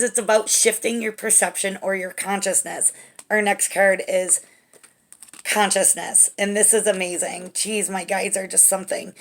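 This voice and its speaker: A woman giving a spiritual tarot reading to camera, gentle and reassuring, often checking in with "okay?". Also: medium pitch, flat delivery, moderate pace. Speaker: tarot reader.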